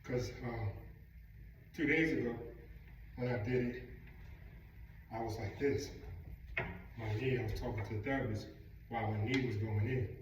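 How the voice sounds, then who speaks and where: A man in a casual home vlog, a little out of breath as he counts out each slow rep of a knee exercise. He sounds set back from the camera, in a very reverberant room. A steady background noise runs under his voice. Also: mid-range voice. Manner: counting reps aloud, slow and deliberate. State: winded. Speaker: vlogger recovering from knee surgery. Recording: roomy, distant camera mic with background noise.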